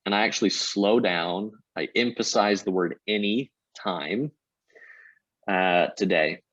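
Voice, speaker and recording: A man who heads a sales team, a podcast guest explaining his methods step by step in an energetic, casual way. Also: on the low side, measured pace, dry recording, lo-fi sound. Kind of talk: casual interview talk.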